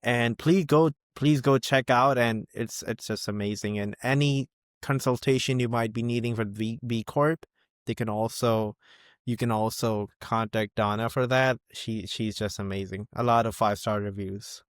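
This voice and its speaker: A man's voice: medium pitch, fairly even intonation, moderate pace, smooth, no room sound, studio quality. Enthusiastic male podcast host. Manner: enthusiastic, restarts phrases. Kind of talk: casual interview chat.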